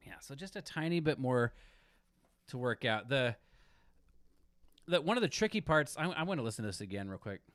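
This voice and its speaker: A man musing aloud while practicing for an audition, critiquing himself in halting, self-correcting phrases. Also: mid-range voice, big pitch swings, a bit bright, no room sound. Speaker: musician practicing audition excerpts. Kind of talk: thinking aloud during practice.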